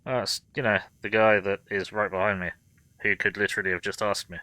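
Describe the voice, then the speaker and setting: Wry, sweary gaming streamer, bright voice. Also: male voice, lowish voice, little pitch movement, fairly quick, no room sound. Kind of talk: casual gameplay commentary.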